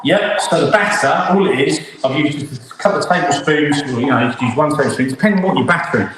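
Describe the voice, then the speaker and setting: A man's voice: on the high side, fast, crowd noise. A middle-aged man hosting a live online cookalong as a chef, chatty and upbeat as he talks while cooking in his home kitchen. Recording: very echoey room, faint noise.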